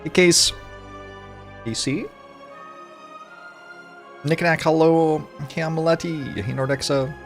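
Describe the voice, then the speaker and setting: A man on a livestream, chatting casually with viewers and greeting them one by one, with sudden loud mock-outraged outbursts. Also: on the high side, fairly even intonation, slow pace, long pauses, soft background music. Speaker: streamer.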